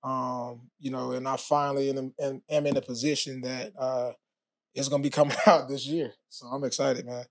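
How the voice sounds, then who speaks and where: A man, a former pro athlete, telling his story as a podcast guest in a relaxed, casual way with many fillers. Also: mid-range voice, moderate pace, dry recording, clean studio sound. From United States. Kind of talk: casual interview talk.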